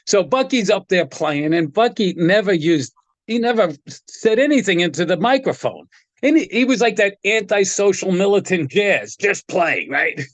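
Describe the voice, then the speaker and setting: A man's voice: high-pitched, lively intonation, moderate pace, no echo. An older man, a guitar technician, telling rambling stories in casual chat, often chuckling and restarting his sentences.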